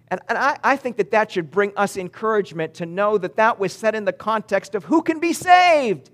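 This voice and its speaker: A man preaching a sermon with emphatic delivery, swinging between loud declarations and hushed words, and reading scripture slowly and deliberately. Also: sits high, big pitch swings. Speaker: pastor.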